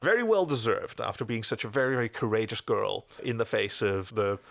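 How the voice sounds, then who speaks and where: Man, podcast co-host, casual chat, lively melodic pitch, acts out quotes. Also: fairly quick, creaky. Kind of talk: casual chat recapping an episode.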